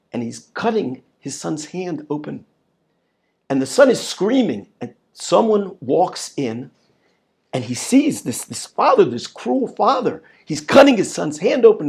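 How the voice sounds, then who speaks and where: Emphatic, gravelly male rabbi. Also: a little high, a little mellow. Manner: emphatic, repeats words, rhetorical questions. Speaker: rabbi teaching on prayer. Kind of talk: Torah lesson.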